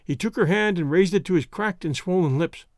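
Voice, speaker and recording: A man hosting an audio story show and narrating it in a steady, measured way. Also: high-pitched, dry recording, clean studio sound. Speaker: audio story host and reader. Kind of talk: scripted narration.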